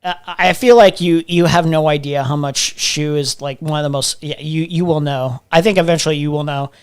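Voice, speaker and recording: A man's voice: fairly high pitch, fairly even intonation, moderate pace, clear, resonant tone. An American man hosting a livestream, chatting casually while reacting to clips, laughing often, swearing and repeating himself. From United States. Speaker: livestream host. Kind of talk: casual reaction stream commentary.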